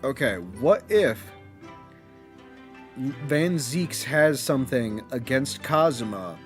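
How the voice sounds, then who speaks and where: A man's voice: mid-range voice, expressive, slow, faint music behind. Chatty man rambling over a game. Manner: chatty, rambling, self-deprecating. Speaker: let's play streamer. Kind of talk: casual game commentary.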